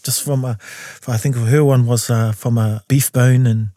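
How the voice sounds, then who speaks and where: A man in his forties with a New Zealand accent, a composer guest telling his story in a studio interview and jumping into high voices when he quotes people. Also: fairly even intonation, moderate pace, dark tone, no echo. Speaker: guest, composer and taonga pūoro player.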